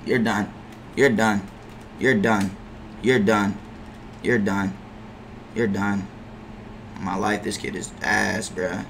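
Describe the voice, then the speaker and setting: Young man, gaming streamer, trash talk, slow drawl, faint game noise behind. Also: little pitch movement, creaky. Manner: frustrated trash talk, profanity-heavy, drops into low mutters; bursts into far-off shouts at teammates. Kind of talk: live gameplay commentary.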